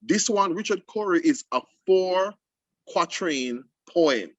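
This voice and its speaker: Animated man with a lilt. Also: high voice, takes it slowly, dry recording. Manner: animated, emphatic explainer with restarts. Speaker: host. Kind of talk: casual literary discussion for students.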